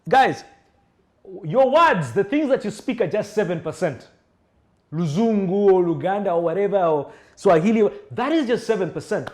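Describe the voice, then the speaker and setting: A young adult man, teaching public speaking in an animated lecture and acting out sample tones. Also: high voice, moderate pace. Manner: animated, acts out example voices and tones. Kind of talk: lecture-style speaking class.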